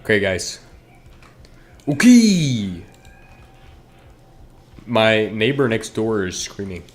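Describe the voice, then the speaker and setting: A man's voice: on the low side, very animated, extremely slow. Male streamer, casual rambling chat with viewers, frequent restarts. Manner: rambling, self-interrupting, talks straight to chat.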